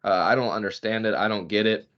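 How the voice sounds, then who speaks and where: A man's voice: fairly low pitch, fast. A man co-hosting a sports podcast, ranting casually and swearing a lot. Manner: profane, animated rants. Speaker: podcast co-host. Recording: dull lo-fi podcast audio.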